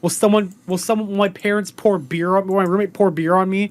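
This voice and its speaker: A man in casual podcast chat, excitable and joking. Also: high voice, fast, dry recording.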